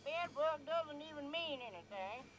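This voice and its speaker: Gruff scolding grandma, as an actor puts her on. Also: high voice, lively intonation, moderate pace, a bit bright. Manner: nagging, disapproving. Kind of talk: video game cutscene acting.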